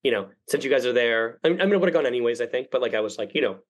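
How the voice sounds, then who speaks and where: A young man tells a rambling story at a rapid clip, peppered with profanity. He jumps between his own lines and other people's, acting out each quote as he goes. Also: mid-range voice, rough recording. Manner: rambling, profane, animated quoting. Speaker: podcast guest. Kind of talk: casual storytelling.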